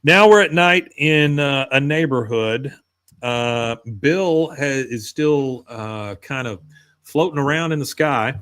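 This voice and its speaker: A man chats through a rewatch recap at a relaxed, conversational clip. His voice sits in an ordinary middle pitch, and he keeps breaking into quick impressions of the characters as he tells the story. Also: smooth. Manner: retells scenes, acting out characters' lines in quick put-on voices. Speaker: podcast host. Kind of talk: casual recap chat.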